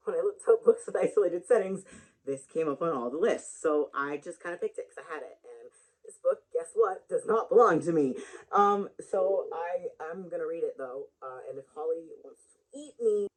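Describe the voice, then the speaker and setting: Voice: mid-range voice, rough recording. A rambling, chatty book vlogger talking casually to camera. They wander between thoughts and laugh at their own jokes. The sound comes from a built-in camera mic.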